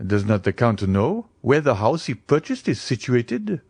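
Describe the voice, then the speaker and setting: A man's voice: mid-range voice, very animated, a little slow, gravelly, a little mellow, breathy edge, no echo, clean studio sound, exaggerated voice. A man playing a fawning provincial notary. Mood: obliging. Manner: eager, obliging. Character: fawning provincial male notary, fee-minded.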